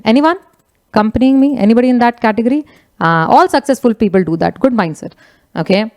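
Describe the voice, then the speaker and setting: A woman's voice: high voice, a little fast. A middle-aged woman with an Indian English accent giving a chatty motivational talk, slipping into Hindi phrases. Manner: animated, conversational, mixes Hindi phrases. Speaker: motivational speaker, business leader.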